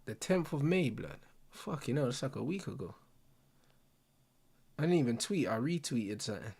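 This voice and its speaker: A man's voice: medium pitch, animated, normal speed, creaky, a little mellow, breathy edge. A young man hosting a football watch-along, ranting in casual slang and swearing freely. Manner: heated, slang-heavy, swearing, addresses viewers and mates.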